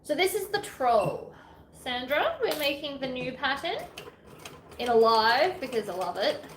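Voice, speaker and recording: A woman's voice: high voice, big pitch swings, a little slow, a bit bright. A woman with an Australian accent chatting casually through a sewing tutorial, rambling and self-deprecating with lots of asides. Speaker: sewing vlogger. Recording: echoey room with faint ambient noise.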